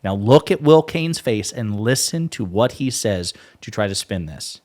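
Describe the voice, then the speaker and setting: A male political commentator with a lively, swooping voice, sarcastic and animated. He mocks and mimics the people he talks about, and his pitch moves a lot. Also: a little slow. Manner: mocking, animated, mimics others.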